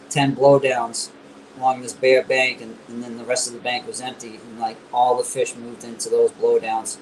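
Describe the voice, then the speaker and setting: A man talks as a guest on a fishing show, telling animated stories about bass fishing. His voice sits at an ordinary pitch. A faint noise runs under the recording. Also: rough recording. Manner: animated storyteller. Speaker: guest angler. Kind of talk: casual fishing chat.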